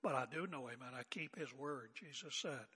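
A man's voice: mid-range voice, normal speed, sharp tone, slightly rough, in a large hall. An older man preaching an expository sermon as pastor, conversational and emphatic with joking asides.

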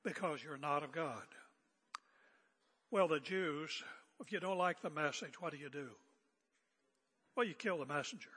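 A man's voice: on the high side, unhurried, pauses often, a bit bright, slightly rough, big-room sound. An older man preaching an expository sermon as pastor, conversational and emphatic with joking asides.

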